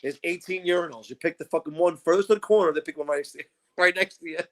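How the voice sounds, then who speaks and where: A man co-hosting a podcast, telling profane, animated stories in casual chat and acting out what people said. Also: on the high side, fast talker. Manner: profane, animated storytelling with acted-out quotes. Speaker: podcast co-host.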